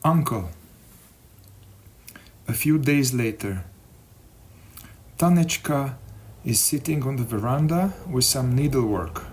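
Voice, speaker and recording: A man's voice: mid-range voice, expressive, slow pace, pauses often. Man reading an audiobook aloud. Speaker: audiobook narrator. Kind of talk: scripted narration.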